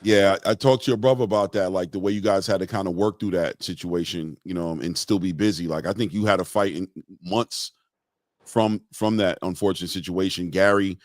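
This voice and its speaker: A man with a lowish voice, recorded dry and close, hosting an interview. He asks long, meandering questions padded with casual fillers, and he often backs up his guest with short murmurs of agreement. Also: steady tone, fairly quick, no room sound. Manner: rambling questions with many fillers. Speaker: interview host.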